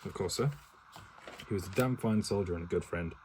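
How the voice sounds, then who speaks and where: A man's voice: sits low, fairly quick, darkish tone, slight background noise, low-quality recording. A man reading a war novel aloud for his partner in a casual home read-aloud, stumbling and correcting himself, with swearing asides and no character voices.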